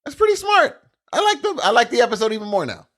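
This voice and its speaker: American dude on a podcast, lively up and down voice, dry jokey comebacks. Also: male voice, extremely high pitch, fast talker. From United States. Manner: playful, dry quips, reads listener mail aloud. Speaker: podcast co-host. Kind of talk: casual podcast chat.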